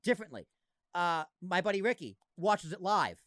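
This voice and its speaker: A man's voice: high-pitched, sing-song, moderate pace, a bit bright, no room sound. A man in his thirties hosting a podcast, chatting casually and animatedly, with lots of fillers and some swearing. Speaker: podcast host. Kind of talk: casual chat.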